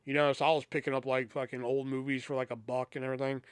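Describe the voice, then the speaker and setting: A man's voice: medium pitch, little pitch movement, quick pace, smooth, dry recording. A man hosting a podcast, telling a casual, profanity-laced story and acting out both sides of the conversations. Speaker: podcast host.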